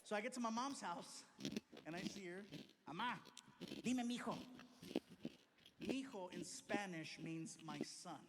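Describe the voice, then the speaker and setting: A male comedian telling a long story on stage, acting out every character, on a recording with clear background noise. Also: high-pitched, moderate pace, long reverb tail. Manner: animated, acts out every character. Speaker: stand-up comedian. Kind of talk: stand-up storytelling.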